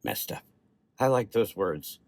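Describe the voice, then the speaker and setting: A man voicing an older Russian doctor with a Russian accent, speaking slowly and gently. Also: fairly low pitch, expressive, dry recording. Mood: grave. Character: older male Russian doctor, kind, sad.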